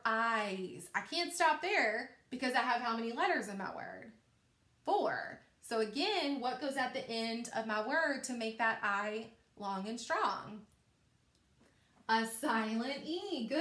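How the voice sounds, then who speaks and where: A woman teaching a recorded phonics lesson to young children, slow and encouraging, stretching out each sound. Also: fairly high pitch, a bit bright, reverberant.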